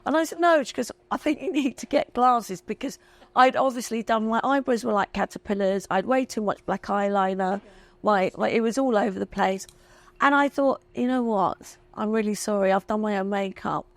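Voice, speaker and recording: A woman's voice: mid-range voice, moderate pace, dry recording. A woman in her fifties, a guest talking candidly and emotionally, chatty and self-mocking. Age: 50s. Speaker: interview guest. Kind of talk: candid chat.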